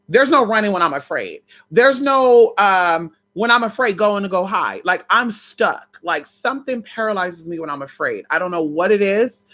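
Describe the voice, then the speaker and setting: A woman with a somewhat low voice tells a personal story straight to her viewers. She is animated and salty-mouthed, and she keeps calling out to the audience as "y'all". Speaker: vlogger telling a personal story. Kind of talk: casual storytime.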